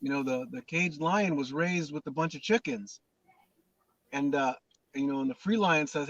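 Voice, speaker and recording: A man's voice: on the high side, moderate pace, a bit bright, no echo, muffled recording. Man talking faith, repeating as he goes. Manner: repeats words and restarts, preacherly emphasis. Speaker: host. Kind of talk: casual spiritual talk.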